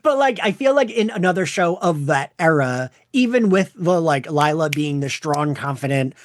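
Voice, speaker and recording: A man co-hosting a podcast in casual chat, animated and laughing often, swearing casually. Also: on the high side, normal speed, a little hiss or hum. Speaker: podcast co-host.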